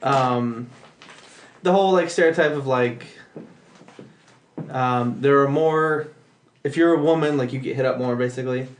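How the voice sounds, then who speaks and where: A young man hosting a casual podcast, working through his thoughts with frequent restarts and corrections. His voice sits at a middle pitch. A faint hiss runs under the recording. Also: roomy sound. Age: young adult. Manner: halting, full of restarts and self-corrections. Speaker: podcast host. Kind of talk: casual chat.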